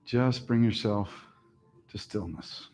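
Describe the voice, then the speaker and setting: A man teaching a yoga class, giving slow, soothing relaxation and breathing cues that often trail off softly. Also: lowish voice, soft background music. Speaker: yoga instructor. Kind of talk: guided relaxation instruction.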